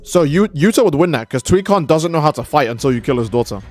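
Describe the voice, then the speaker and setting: A man's voice: on the high side, expressive, quick pace, a little mellow. A young man streaming a game, rambling and joking with profanity in casual commentary. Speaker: gaming streamer.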